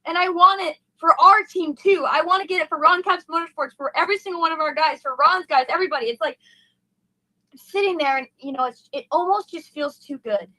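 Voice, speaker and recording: Gushing young woman, high and bright. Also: fairly quick, no echo, poor audio. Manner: gushing, breathless and heartfelt, rambling with fillers. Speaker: race car driver, interview guest. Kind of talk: emotional post-race interview.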